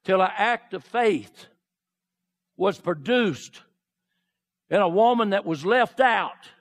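High-voiced preaching man. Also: expressive, slow. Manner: preaches with dramatic retellings, swinging from low murmurs to shouts. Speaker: pastor. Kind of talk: sermon.

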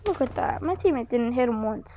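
A woman's voice: fairly high pitch, lively intonation, a little fast, dark tone. A woman chatting over her gameplay, apologizing a lot and swearing at the game, her voice now and then cracking. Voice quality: voice keeps cracking. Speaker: gamer. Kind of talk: live gameplay commentary.

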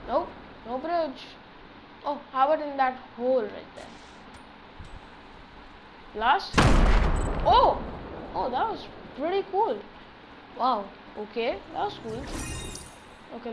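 A gaming channel host giving excitable live commentary on his own play, talking to himself as he goes. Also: high-pitched, noisy background. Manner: excitable, talks to himself while playing.

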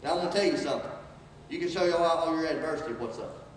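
A man's voice: a little high, fast talker, a little hiss or hum. A man giving an inspirational speech, preaching with call and response that rises to emphatic peaks. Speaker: motivational speaker. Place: large hall. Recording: echoey hall from far off.

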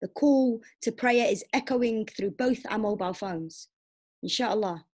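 A young woman performing spoken word poetry in a steady, plainspoken storytelling way. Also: a little high, measured pace. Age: young adult. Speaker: poet.

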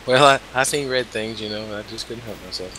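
Chill low-voiced gamer dude, dry jokes, bit of noise behind. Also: male voice, a little fast, sharp tone, low-quality recording. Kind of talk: casual gaming chat.

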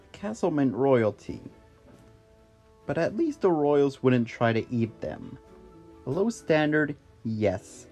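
An audiobook narrator reads a fantasy story at an unhurried, deliberate pace. The voice rises and falls a lot and lands the asides with a wry touch. Quiet music plays underneath. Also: medium pitch.

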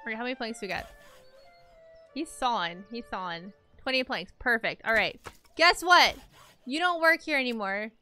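A young woman streaming a game, chatting casually to her viewers, self-mocking and repeating words in quick loops. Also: a little high, lively intonation, bright, forceful tone, faint music behind. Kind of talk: casual gameplay commentary.

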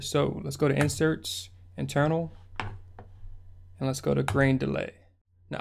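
A man's voice: on the high side, gravelly, clear, resonant tone. A man hosting a music production tutorial, talking through the steps in a laid-back, slangy way. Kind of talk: casual screen-recorded tutorial narration.

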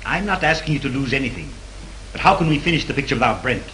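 Temperamental male director, rapid protests, noisy vintage soundtrack. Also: mid-range voice, big pitch swings, bright, forceful tone. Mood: indignant. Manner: quick, dramatic protests. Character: temperamental male film director, vain about reputation. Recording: noisy old film soundtrack.

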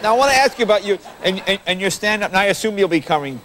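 A man's voice: sits high, expressive, racing, slight background noise. A man hosting a late-night TV talk show, feeding short questions to his guest. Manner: brief interjections, steering questions. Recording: TV studio, loud audience.

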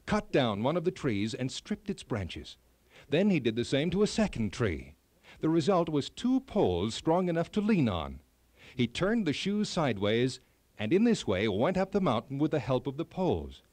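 A man reads a children's fairy tale aloud, his voice slightly high and swinging through a lively, expressive melody. The sound is close and dry, with no room echo. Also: normal speed. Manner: expressive, lively storybook reading. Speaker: storyteller.

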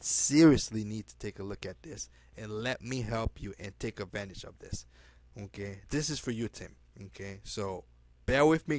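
A man making a direct-to-camera sales pitch as a network marketing recruiter, pushy and halting, dropping "okay?" again and again, with loud bursts of emphasis and quiet trailing asides. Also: no echo. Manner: pushy, repeats "okay?" often, halting restarts.

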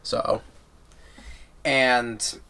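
A man giving a casual, rambling movie review and recapping the plot excitedly with lots of restarts. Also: mid-range voice, extremely slow, gravelly, noisy background.

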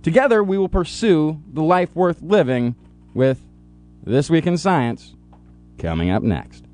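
Radio science co-host, man, joking, dramatic, lively pitch, slightly high voice. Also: measured pace, soft background music. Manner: playful, jokey, dramatic readings. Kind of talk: radio science talk show. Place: college radio studio.

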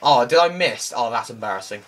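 A young man giving excitable let's play commentary, shouting exclamations and making sound effects while he plays. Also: mid-range voice, brisk. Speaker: gameplay commentator.

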